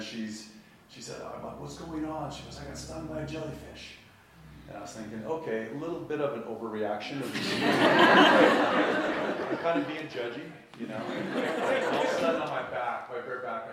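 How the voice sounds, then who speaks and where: A man recounts a personal adventure in an animated, good-humored way, laughing at himself as he goes. His voice sits back from the microphone in a very echoey room, with a faint hum of ambience behind him. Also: medium pitch, recorded from a distance. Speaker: storyteller. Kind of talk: personal storytelling.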